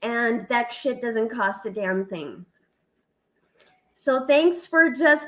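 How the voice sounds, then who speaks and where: A woman's voice: on the high side, animated, takes it slowly, long pauses, sharp tone, rough recording. A middle-aged woman hosting a casual chat, talking in a heartfelt, tearful way and swearing casually. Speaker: vlog host.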